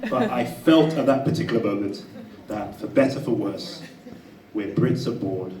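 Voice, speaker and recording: Animated man telling a story to a crowd. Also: lowish voice, normal speed, echoey room, far from the mic, very noisy. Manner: animated, laughing, conversational. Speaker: speaker at a live talk. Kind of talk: storytelling to a live audience. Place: event room with an audience.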